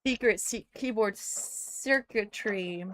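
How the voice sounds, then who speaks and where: A woman's voice: mid-range voice, takes it slowly, fairly bright tone, slight background noise. A young American woman chatting casually on a live stream, playful and rambling as she talks to her viewers while tinkering. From United States.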